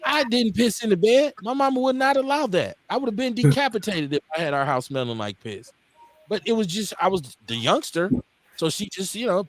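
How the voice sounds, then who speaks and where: A man's voice: high voice, fast, dry recording. A man in his forties from Milwaukee, hosting a casual talk radio show, blunt and profane, acting out the people in his stories. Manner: animated storyteller, acts out quotes.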